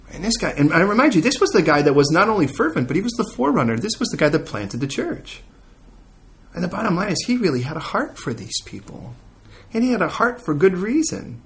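A middle-aged man preaching a sermon as a pastor, telling stories with lively acted-out quotes. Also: mid-range voice. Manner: animated storytelling, acts out quoted prayers.

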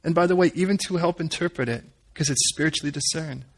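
A man preaching a sermon, reading scripture and breaking off into animated, joking, conversational asides. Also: on the high side, fast. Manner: animated, conversational, full of asides and playful jokes. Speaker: pastor.

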